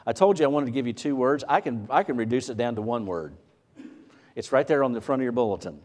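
A man preaching a sermon as pastor, animated, asking rhetorical questions and repeating words as he builds his point. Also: medium pitch, fast talker.

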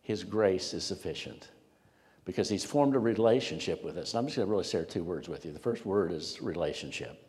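A male pastor preaching to a congregation in an emphatic, storytelling manner, leaning on repeated words. His voice sits low, and a long reverb fills the church hall around him. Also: animated, fairly quick, a little mellow. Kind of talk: sermon.

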